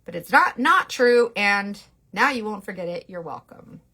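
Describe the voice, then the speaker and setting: A woman's voice: mid-range voice, lively intonation, normal speed, pushed and bright. A woman makeup artist talking through a casual makeup tutorial in a rambling, playful, sassy way. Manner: sassy slangy talk.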